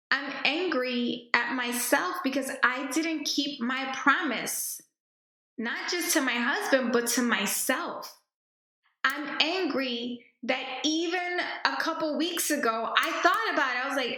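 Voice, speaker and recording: Bright, high-voiced woman podcast host. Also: measured pace. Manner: candid, reflective, talks to herself by name. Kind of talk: personal storytelling monologue. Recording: roomy echo.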